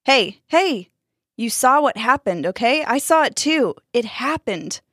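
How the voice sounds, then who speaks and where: A jittery teenage boy who barks orders to keep himself together, as a woman puts him on. His voice is pitched up and pushed hard, and it is recorded close and dry. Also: animated, a little slow, fairly bright tone, dry recording. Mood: tense. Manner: tense, commanding. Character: scared, bossy teenage boy in charge.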